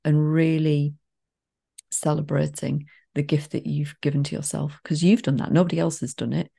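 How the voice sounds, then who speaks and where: A woman's voice: low voice, little pitch movement, moderate pace, creaky, dark tone, husky. A woman co-hosting a podcast, talking. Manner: encouraging, coaching tone. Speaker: podcast co-host and sobriety coach. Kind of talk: casual podcast chat.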